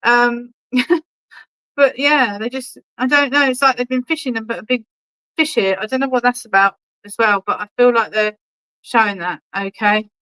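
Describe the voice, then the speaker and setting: Woman medium, a touch high and very bright, chatty and reassuring, keeps checking in with "okay?". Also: normal speed, low-quality recording. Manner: affectionate, calls people darling. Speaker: spiritualist medium. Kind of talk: clairvoyant readings at an online church service.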